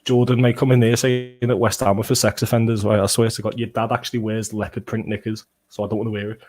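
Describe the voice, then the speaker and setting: Talking fast in a lowish voice, a young man runs a football watchalong stream. Casual and profane, he reads chat comments aloud, trades banter, and reacts to the match with bursts of excited play-by-play.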